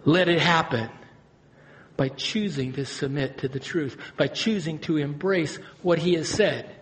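Man, pastor, high-pitched voice, sermon, hushed to loud swings. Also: unhurried.

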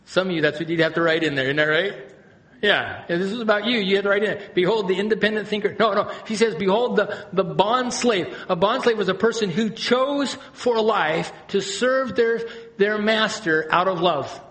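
Male pastor, high voice, animated sermon delivery, dips to quiet intensity then climbs to loud emphasis. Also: moderate pace. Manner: animated preaching, swings from hushed to loud and high.

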